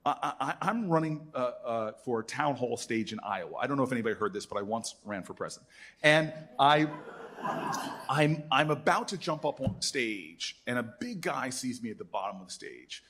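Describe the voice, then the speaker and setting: A man in his fifties with a husky, somewhat breathy voice, telling lively stories to an audience. His pitch sits in the middle range. He jumps into the voices of the people he quotes. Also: normal speed. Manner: animated storyteller who acts out quoted voices. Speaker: senator speaking at an alumni event. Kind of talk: storytelling speech.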